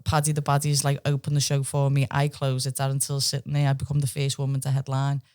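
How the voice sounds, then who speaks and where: A woman in her thirties with a Liverpool accent, a podcast guest telling stories in a casual, lively chat and swearing freely. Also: extremely low pitch, quick pace. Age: 30s. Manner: lively, swears freely, acts out quoted voices.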